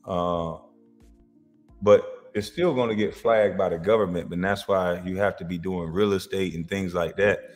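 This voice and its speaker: Animated man reacting, echoey hall. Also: low-pitched, a little slow, faint music behind. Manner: animated, laughing, swings from loud to muttered. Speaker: reaction video host. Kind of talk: casual reaction commentary.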